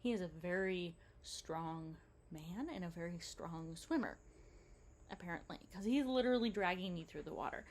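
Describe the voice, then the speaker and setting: A woman casually recounting a day of travel and snorkeling, chatty and animated, quoting people she met. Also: fairly low pitch, a little hiss or hum. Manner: chatty, animated retelling with quoted dialogue and laughs. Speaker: travel vlogger.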